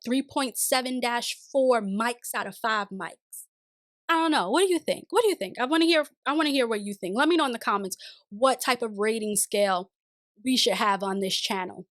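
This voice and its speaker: A woman with a fairly high voice chats through a TV series review for her channel. She talks straight to her viewers in a casual, expressive way and laughs often. The sound is close and dry, with no room echo. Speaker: TV review vlogger. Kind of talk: casual spoken review to camera.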